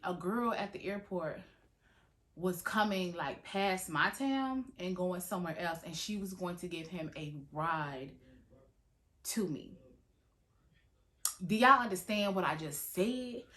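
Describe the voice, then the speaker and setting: Animated, profane woman. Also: lowish voice, measured pace. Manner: animated, dramatic, heavy swearing. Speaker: storytime vlogger. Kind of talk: casual storytime.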